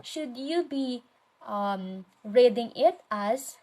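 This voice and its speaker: Slow, patient Filipino English woman teacher. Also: fairly high pitch, lively intonation, warm tone, low-quality recording. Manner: patient, repeats steps and quizzes the listener. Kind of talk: recorded poetry lesson.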